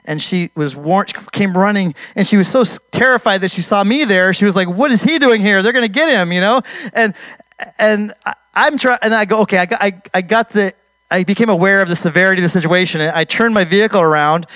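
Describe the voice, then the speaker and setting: A man telling a missionary testimony story in an animated way, restarting his sentences and raising his voice at the tense moments. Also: sits high, brisk, dry recording.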